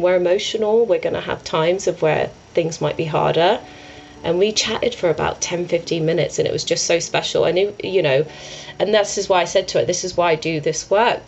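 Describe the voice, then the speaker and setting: Brief: young woman, yoga teacher, low voice with vocal fry, earnest rambling storytelling, faint noise behind. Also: rough recording. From England. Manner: earnest, rambling, many restarts and "I was like". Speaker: yoga and meditation teacher, podcast guest. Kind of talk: conversational storytelling.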